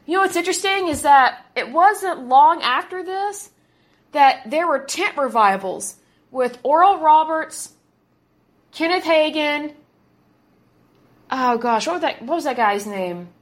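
A woman in her late thirties with a high voice delivers her commentary with fired-up conviction. She hammers her points home by repeating key words, her tone indignant and insistent throughout. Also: lively intonation, measured pace. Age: 30s. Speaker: podcast host. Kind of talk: opinionated commentary.

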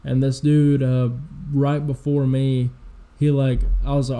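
A young man in his twenties rambles through a story in loose, profane podcast chat. His voice is dark and mellow with a gravelly fry, and his pitch stays fairly flat. He sounds low on energy and fills gaps with lots of "uh" and "like.". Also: a little slow. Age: 20s. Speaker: podcast co-host. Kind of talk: casual chat.

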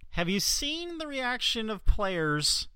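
A man's voice: high voice, very animated, slow, sharp tone, clear, resonant tone, no room sound. A man co-hosting a casual sports podcast. He talks in a laid-back, meandering way and laughs often. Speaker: podcast co-host.

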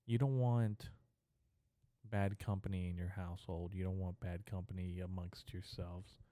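A man's voice: sits low, little pitch movement, moderate pace, mellow, no room sound, studio quality. A young adult man hosting a podcast, delivering a rambling, profane, stream-of-consciousness comedy monologue. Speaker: podcast host.

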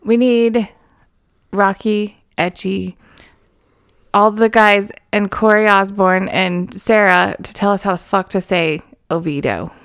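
A woman's voice: medium pitch, fairly even intonation, slow, a bit bright, clean tone. A woman co-hosting a casual podcast, giggling, swearing and trailing off mid-thought. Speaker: podcast co-host.

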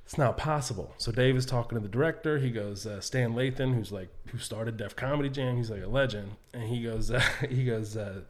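A man telling stories in a casual podcast chat, animated and swearing, acting out the voices of the people in them. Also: mid-range voice, a little fast, hardly any pauses. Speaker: comedian guest.

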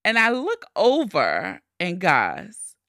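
A young woman tells a story on her podcast with a lively voice that swings widely in pitch. Her tone is bright and sharp, and she curses casually and jumps into high shrieks when she acts out panic. The sound is dry and close, with no room around it. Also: slow, dry recording. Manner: animated, profane, shrieks when acting out panic. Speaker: podcast host.

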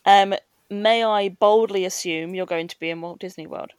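A woman hosting a podcast, chatting casually with quick asides and frequent laughs. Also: mid-range voice, steady tone, clear, resonant tone, no echo. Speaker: podcast host. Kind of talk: casual chat.

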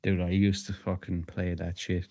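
Low-voiced laid-back podcast man. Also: completely flat delivery, normal speed, warm tone. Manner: laid-back storytelling with fillers. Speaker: podcast co-host. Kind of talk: casual chat.

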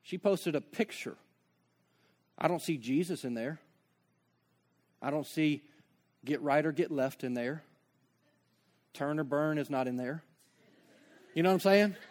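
A man's voice: a little high, a little slow, long pauses, darkish tone. A man preaching a sermon as pastor, conversational, with joking asides and acted-out dialogue.

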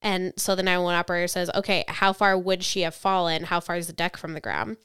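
Woman, casual true-crime podcast narration, smooth voice, dry room. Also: lowish voice, quick pace, no room sound. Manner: chatty, reads quotes flatly then reacts. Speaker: podcast co-host, storyteller.

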